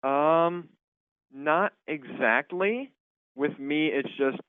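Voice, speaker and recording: A teenage boy, a high school student actor, answering interview questions with some hesitation and filler words. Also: animated, measured pace, dry recording. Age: teens. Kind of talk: phone interview. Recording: tinny phone line.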